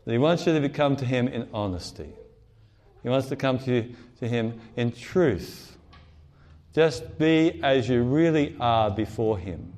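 A man's voice: mid-range voice, a little mellow. Earnest male preacher in a sanctuary. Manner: earnest, acts out the cries of gospel figures. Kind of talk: sermon. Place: church sanctuary.

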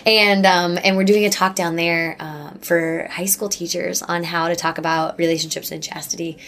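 Woman, lowish voice, earnest, rambling, warm-hearted interview chat. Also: little pitch movement, moderate pace. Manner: earnest, gushing, many likes and restarts. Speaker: guest speaker. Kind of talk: casual interview talk about faith.

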